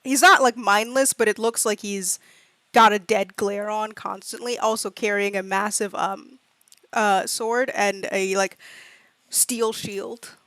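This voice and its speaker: A woman's voice: mid-range voice, steady tone, measured pace, fairly bright tone, no room sound. A woman player describes her character in a rambling, playful way, full of likes and ums. Her voice sits mid-range and is close and dry on the mic. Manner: rambling, filler-heavy, playful.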